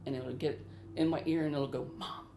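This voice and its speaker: For a paranormal show, a middle-aged woman describes the hauntings in her home in a deep, warm voice with fairly even intonation, speaking a little fast. Earnest and anxious, she frequently repeats herself, recorded in an echoey room with faint background noise.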